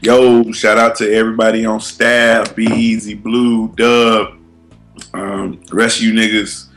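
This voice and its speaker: A laid-back man co-hosting a podcast, giving shout-outs and telling stories in loose slang. His voice is bright and forward, at a middle pitch. Faint music plays under the talk. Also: level tone, unhurried. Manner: laid-back, repeats "you know what I'm saying". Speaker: podcast co-host. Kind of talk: casual banter.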